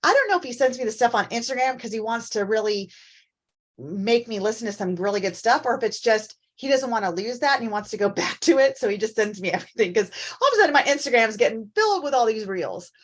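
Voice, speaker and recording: Animated woman co-hosting a chat. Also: on the high side, fast talker. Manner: animated storyteller, acts out quoted voices. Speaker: co-host. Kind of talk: casual chat.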